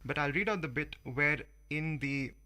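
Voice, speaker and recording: A man hosts a relaxed community radio conversation. His voice is bright and slightly high-pitched. He speaks in an animated, expressive way. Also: normal speed. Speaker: radio host. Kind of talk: casual radio chat.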